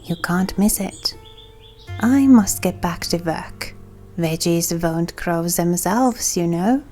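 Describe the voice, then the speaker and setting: A woman's voice: fairly low pitch, slow pace, darkish tone, soft background music. A woman voicing a hefty male gourd farmer who is competitive and suspicious, with a mild try at a rustic accent.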